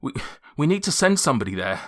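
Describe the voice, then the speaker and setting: A man voicing a panicked young male servant who has run into town, breathless and hurried. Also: a little high, big pitch swings, fairly bright tone, voice pushed up.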